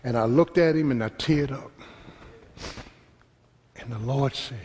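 A man preaching a sermon that swings from quiet storytelling to shouted call and response, then leading an altar call. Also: medium pitch, measured pace, long pauses. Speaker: pastor. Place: church sanctuary. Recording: live church with congregation and room noise.

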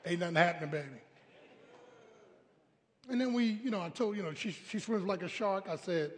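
A man preaching a humorous, animated storytelling sermon at a live service, calling out to the congregation. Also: sits high, normal speed, pauses often, big-room sound. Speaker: pastor. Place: church sanctuary, live service.

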